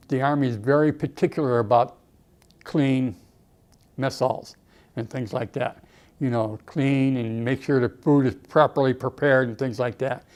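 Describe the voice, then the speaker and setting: A man's voice: mid-range voice, darkish tone. An older man, an Army veteran, reminiscing emotionally in a documentary interview, often saying "okay" and "you know".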